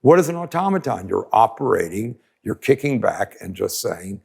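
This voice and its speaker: A man speaks in a gravelly, husky voice as he teaches a podcast audience. His delivery is emphatic and very lively in pitch. He often slips into brief voices to act out the people he quotes. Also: moderate pace. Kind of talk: animated teaching talk.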